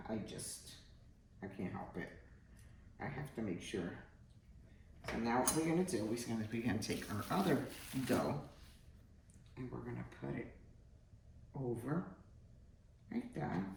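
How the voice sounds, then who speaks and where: A woman's voice: a bass voice, darkish tone. A middle-aged woman hosting a casual home cooking demonstration, chatty and joking as she talks straight to her viewers. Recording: roomy, distant from the mic, faint hum.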